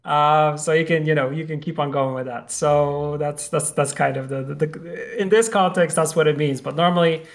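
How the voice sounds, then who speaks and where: Guy cohosting a podcast, gravelly kinda high voice, easygoing. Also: fairly even intonation, moderate pace, few pauses. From Poland. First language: Polish. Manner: easygoing, explains patiently, short affirming replies. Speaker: podcast co-host. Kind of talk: casual chat.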